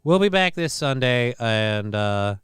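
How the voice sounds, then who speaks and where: A man's voice: medium pitch, lively intonation, unhurried, a bit bright, clear, resonant tone, no echo, clean studio sound. A man hosting his own live-stream show, reading news items aloud and riffing on them in a profane, rambling way. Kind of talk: casual live-stream commentary.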